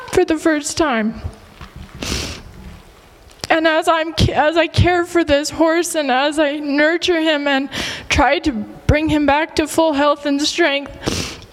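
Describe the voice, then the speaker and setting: Emotional woman giving a halting testimony. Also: extremely high pitch, big-room sound, low-quality recording. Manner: halting, tearful, with many pauses and fillers. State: emotional, near tears. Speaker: church member sharing a testimony.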